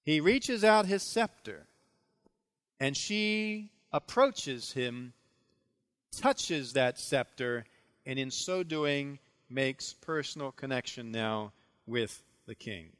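A man preaching a sermon, retelling a biblical story with dramatic, animated delivery. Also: mid-range voice, slow pace. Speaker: pastor.

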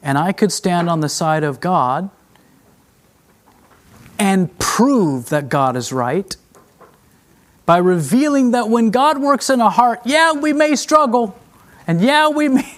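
A middle-aged man preaching a sermon as a traveling preacher, emotional and confessional, swinging between hushed and raised delivery and addressing the congregation as friends. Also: high-pitched, expressive, unhurried.

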